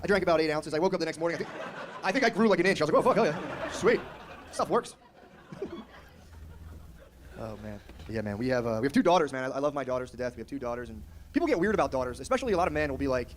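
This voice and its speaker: A man's voice: on the high side, lively intonation, very fast, a little hiss or hum. A man doing a stand-up comedy set, brash and crude, talking casually and slipping into mocking voices.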